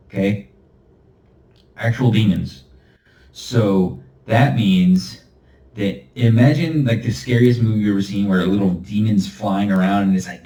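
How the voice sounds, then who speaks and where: A man's voice: lowish voice, unhurried, darkish tone. A man hosting a solo podcast monologue. He talks in a rambling, emphatic, preachy way and chuckles now and then. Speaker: podcast host. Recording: roomy, far from the mic.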